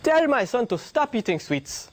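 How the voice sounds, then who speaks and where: A man's voice: very high voice, big pitch swings, moderate pace, voice pushed up, full character voice. A man voicing an eager mother who begs a guru for help. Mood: pleading. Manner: eager, imploring. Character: pleading mother begging a guru, woman.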